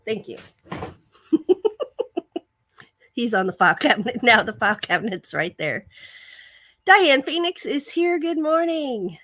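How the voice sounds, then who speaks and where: A woman hosts a casual livestream, chatting and telling stories in a bright, clear voice. She reads out viewer comments as she goes. The sound is dry and close, with no room echo. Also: fairly high pitch, animated, takes it slowly, long pauses. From American. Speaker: livestream host. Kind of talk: casual live-stream chat.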